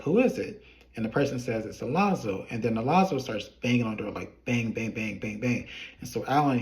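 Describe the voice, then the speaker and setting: Male recapper, casual and chatty, quotes characters line by line, mid pitch. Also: darkish tone. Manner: retells scenes quoting characters with "he was like". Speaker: show recap reviewer.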